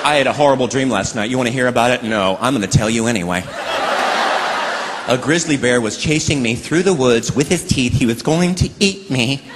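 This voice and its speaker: A middle-aged man performing stand-up comedy on a stage, animated and slipping into put-on voices. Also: medium pitch, fairly quick, big-room sound. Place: theater stage before a live audience. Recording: live show with loud crowd noise. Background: audience laughing.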